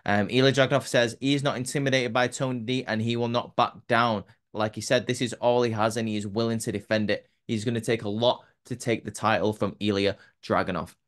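A man's voice: mid-range voice, steady tone, brisk, few pauses. A man casually recapping a wrestling show, rambling with many fillers and restarts. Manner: rambling, many ums and restarts, laughs at own jokes.

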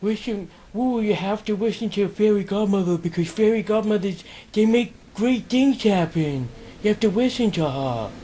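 A man's voice: high-pitched, expressive, moderate pace, warm tone, slight background noise. A man voicing a sweet, simple-minded male sidekick who stammers like a child. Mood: coaxing.

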